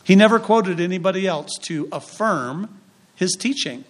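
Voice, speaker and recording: A male pastor delivering a sermon in a fairly high voice. He preaches emphatically, leaning on repetition and dramatic pauses, and slips into other voices for the quotes he acts out. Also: animated.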